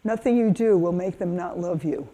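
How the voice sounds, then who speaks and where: Animated older woman, mellow voice. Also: on the low side, normal speed. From United States. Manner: animated storytelling, acts out kids' voices. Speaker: keynote speaker. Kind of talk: lively conference talk.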